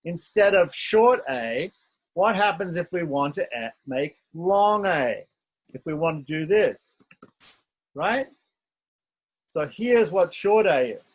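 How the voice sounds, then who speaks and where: A man with a somewhat high, husky voice walks learners through an alphabet one letter at a time. He speaks patiently, sounds each letter out again and again, and keeps checking they follow. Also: expressive, slow pace, pauses often, low-quality recording. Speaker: teacher. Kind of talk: online script lesson.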